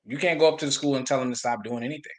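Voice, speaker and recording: A man's voice: mid-range voice, racing. A man talking on a podcast panel, speaking casually and acting out quoted officials with a mocking voice.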